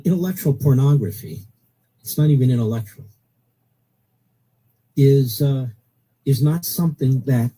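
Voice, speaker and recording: A man's voice: medium pitch, dark tone, breathy edge, rough recording. A middle-aged man hosting a political talk radio show, blunt and opinionated, repeating his points for emphasis.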